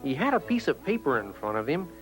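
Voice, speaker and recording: A man narrating a children's storybook in an expressive, scripted read-aloud style. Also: fairly high pitch, quick pace, soft background music, poor audio.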